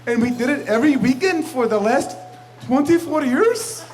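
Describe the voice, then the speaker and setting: Brash high-voiced man roasting at a party. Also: lively intonation, normal speed, music in the background, poor audio. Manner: brash, rambling, laughing between jokes. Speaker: toast giver at a club party. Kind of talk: joking roast toast. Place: banquet room with guests. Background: crowd laughing.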